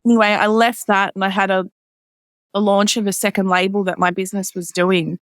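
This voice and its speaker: In a brisk, level voice with a clean tone, a woman guest shares a personal story during a casual podcast chat. She says "like" a lot and acts out other people's words in a lifted voice; the studio recording has no room sound.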